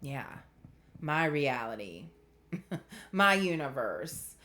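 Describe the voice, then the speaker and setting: Slow-talking earnest woman tarot reader. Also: extremely low pitch, big pitch swings, pushed and bright. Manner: chatty, earnest, trailing off into filler words. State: emotional. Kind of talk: casual spiritual reading to camera.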